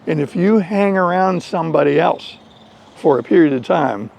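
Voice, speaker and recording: An American man telling a story slowly and deliberately in an English lesson for learners. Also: fairly high pitch. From United States. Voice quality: gravelly. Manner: slow, deliberate, animated storytelling. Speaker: English teacher.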